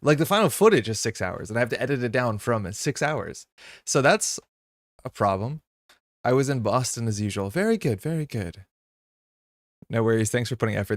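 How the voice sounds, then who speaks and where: A man's voice: dry recording, clean studio sound. A man hosting a live card game stream, chatting casually with viewers in a rambling way, full of fillers and sudden upbeat greetings. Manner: chatty and rambling, with many fillers and quick jumps in pitch when greeting chat.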